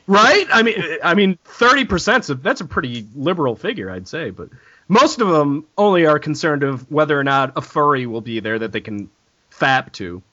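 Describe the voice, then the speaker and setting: Sarcastic podcast host, male, animated delivery, dull lo-fi recording. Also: a little high, moderate pace. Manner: sarcastic, profane, reads quotes in mock-preacher voice. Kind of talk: casual comedic podcast chat.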